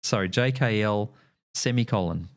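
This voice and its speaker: A man's voice: on the low side, moderate pace. An Australian man streaming, chatting casually and telling a meandering story full of ums and uhs.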